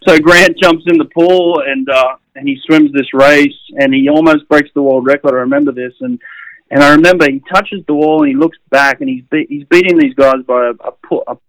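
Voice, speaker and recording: A man's voice: on the high side, very animated, a little fast, creaky, fairly bright tone, dry recording, rough recording. A middle-aged Australian man, a swimming coach, telling stories casually with many fillers and chuckles. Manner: rambling, with frequent fillers and chuckles. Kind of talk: casual storytelling.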